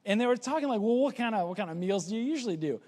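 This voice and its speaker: Male pastor, casual sermon, higher voice, echoing sanctuary with long reverb. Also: rapid-fire. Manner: chatty, restarts words, lively asides. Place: church sanctuary. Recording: church hall with long reverb.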